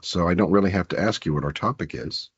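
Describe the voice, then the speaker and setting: Casting: male podcast co-host with a stuffy nose, very low and husky, muffled sound. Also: no echo. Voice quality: nasal. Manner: halting, filler-heavy show intro. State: congested, under the weather. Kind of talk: casual podcast chat.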